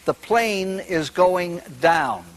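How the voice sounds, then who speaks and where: A man voicing a hurried pilot, talking rapidly and urgently. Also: high voice.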